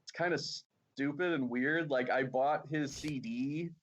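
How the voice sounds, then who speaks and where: A man's voice: mid-range voice, a little slow, heavy background noise. A man talking casually on a podcast, rambling and filling his talk with "like.". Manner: laid-back, rambling with many "like"s. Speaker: podcast guest. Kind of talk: casual chat.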